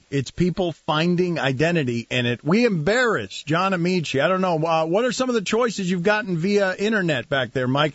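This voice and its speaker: A man's voice: on the high side, no room sound, muffled recording. A man hosting a sports talk radio show, who teases his guests with a sarcastic edge. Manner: sarcastic, teasing. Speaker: host.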